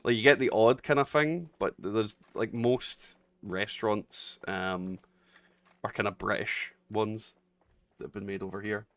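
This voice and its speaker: A man's voice: on the low side, a little slow, dry recording. A man with a Scottish accent, chatting and bantering casually while playing a game, swearing freely and laughing often. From Scotland. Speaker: streamer.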